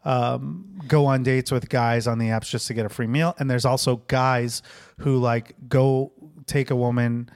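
A man's voice: mid-range voice, fairly even intonation, measured pace, creaky, a little mellow, no echo. A man hosting a casual podcast, asking probing questions with dry teasing. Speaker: podcast host.

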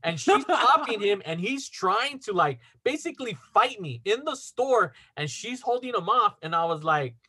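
A young man hosting a casual podcast, telling a story in an animated way, swearing and acting out quotes. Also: high voice, normal speed, few pauses, slightly rough, no echo. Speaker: podcast host.

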